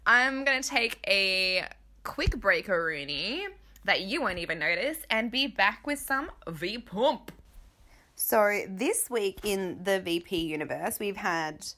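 A woman's voice: mid-range voice, lively intonation, slow, sharp tone. A woman hosting a chatty podcast, gossiping about reality TV, swearing and laughing often. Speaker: podcast host recapping reality TV. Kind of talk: casual chat.

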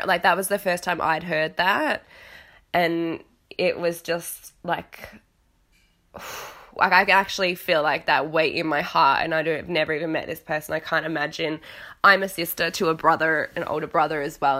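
A woman's voice: low-pitched, fairly even intonation, moderate pace, bright, forceful tone. A woman recapping a reality show at home, talking in a frank, chatty way and swearing casually. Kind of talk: casual chat. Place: home with cats nearby.

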